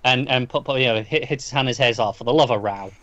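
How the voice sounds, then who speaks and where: A man's voice: mid-range voice, quick pace, a crowd in the background. A man co-hosting a podcast, casually recapping a comic book in a rambling way, full of restarts and fillers. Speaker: podcast co-host. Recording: dull lo-fi dry sound.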